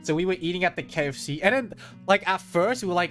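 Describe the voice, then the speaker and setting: A lively man tells a rambling road-trip story to his viewers, his pitch leaping up and down as he acts out his friends. He talks a bit higher than most men and swears freely. Faint guitar music plays under his voice. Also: fast. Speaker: streamer. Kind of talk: casual storytelling chat with viewers.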